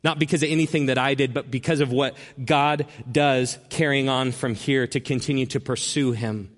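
A man of ordinary pitch preaches from a large hall, his words trailing off in long reverb. He tells his story earnestly and slows down to lean on the words that matter. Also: fairly even intonation. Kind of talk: sermon storytelling.

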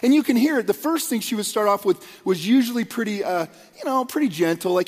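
A man's voice: high-pitched, animated, quick pace, hardly any pauses. A man giving a conversational, earnest sermon as a pastor, with frequent fillers and restarts. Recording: long hall reverb.

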